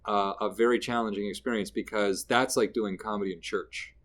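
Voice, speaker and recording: Canadian comedian guy chatting on an interview, animated, does little voices for people in his stories. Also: lowish voice, fairly quick, slight background noise. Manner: animated, acts out quoted people mid-story. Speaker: guest comedian. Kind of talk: casual interview storytelling.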